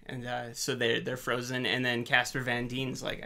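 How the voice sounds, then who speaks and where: A man's voice: mid-range voice, completely flat delivery, moderate pace, creaky, sharp tone. A man co-hosting a casual movie podcast, cracking crude jokes and swearing freely. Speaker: podcast co-host. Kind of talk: casual movie-riffing chat.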